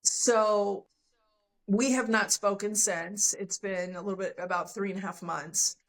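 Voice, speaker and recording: A woman's voice: medium pitch, steady tone, a little slow, rough recording. Earnest woman telling a personal story. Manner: earnest, emotional, acts out quoted dialogue. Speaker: podcast guest.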